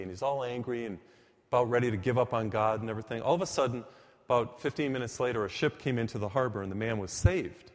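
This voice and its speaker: A man's voice: mid-range voice, fast talker. A man preaching a sermon in a church, emphatic and storytelling, shifting his pace for effect. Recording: reverberant church hall.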